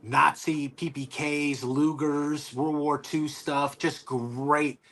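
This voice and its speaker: A man's voice: fairly high pitch, level tone, slow pace, a bit bright. A man who makes gun videos, chatting casually and telling jokey stories in which he acts out other people's lines. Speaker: gun YouTuber on stream. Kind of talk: casual chat.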